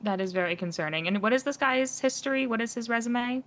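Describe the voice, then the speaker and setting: A woman chatting in character during an improvised roleplay, teasing and animated, with sudden jumps in pitch. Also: fast, a little hiss or hum.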